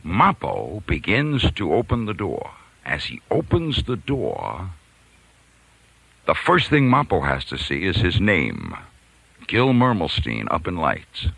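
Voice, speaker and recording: A deep, low-pitched man spins a yarn with a lively, rising and falling voice that leaps up when he acts out the people in it. His tone is bright and forceful, and the recording is dry and close. He laughs now and then as he tells it, like a practiced radio storyteller. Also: slow, gravelly, slightly rough, dry recording, low-quality recording. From New York. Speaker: radio host telling a story. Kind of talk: storytelling monologue.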